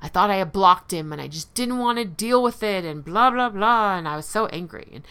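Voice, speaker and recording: A woman's voice: medium pitch, expressive, fairly quick, sharp tone, clean tone. A woman hosting a personal recovery talk, speaking candidly and conversationally, often laughing lightly at herself.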